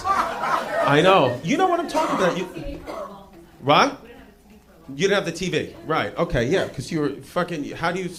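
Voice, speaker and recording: A man doing a stand-up set on a club stage, rambling through stories and bantering with the audience in a self-mocking way. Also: sits high. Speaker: stand-up comedian. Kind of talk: stand-up set with crowd work. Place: comedy club stage before a laughing crowd. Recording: live club audio with crowd laughter and noise.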